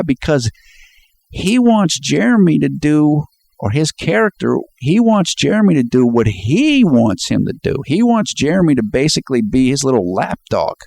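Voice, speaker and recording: This man's voice is medium-pitched, gravelly and somewhat dark, recorded without echo. Breaking a video down scene by scene in a casual, chatty way, he keeps laughing as he quotes its lines.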